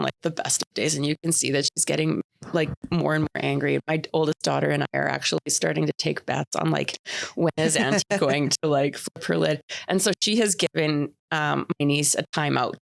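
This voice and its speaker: A woman, telling a travel story on a podcast with animated energy and frequent laughter. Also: deep voice, gravelly, dry recording. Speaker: podcast co-host. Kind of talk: casual chat.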